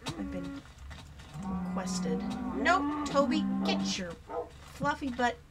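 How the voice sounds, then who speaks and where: A woman's voice: high-pitched, expressive, slow, loud music behind the voice. A young woman hosting a gameplay video, chatting casually and rambling with frequent giggles. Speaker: let's play host.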